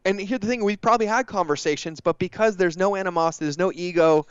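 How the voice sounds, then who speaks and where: A man speaking as a podcast guest, his voice smooth and resonant and sitting a little high. He talks with energy and likes to hammer a point by repeating it. The sound is dry and close, with a slightly dull, lo-fi edge. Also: quick pace, no room sound. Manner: energetic, emphatic, repeats phrases for effect. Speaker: guest entrepreneur. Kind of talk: casual podcast conversation.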